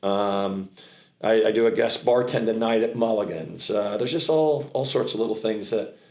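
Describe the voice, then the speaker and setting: A middle-aged American man with a trace of a Southern accent, telling stories in an animated, rambling way and often restarting his sentences. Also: lowish voice, normal speed, echoey room. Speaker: charity founder and auctioneer. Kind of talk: casual interview talk.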